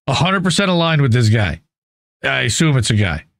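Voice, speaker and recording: A man's voice: medium pitch, very animated, a little fast, creaky, no echo. A man hosting a podcast, reading an article aloud and breaking off to comment in a blunt, opinionated way, swearing casually as he goes. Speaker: podcast host.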